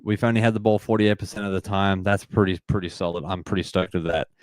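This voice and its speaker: An excitable Australian man in his twenties hosts a live sports watch party, greeting viewers and reading their comments. His voice sits fairly low but comes through smooth and clear. The sound is dry and close, with little room. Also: fast, no echo. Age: 20s. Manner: upbeat, reads and greets chat viewers, repeats phrases. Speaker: livestream host.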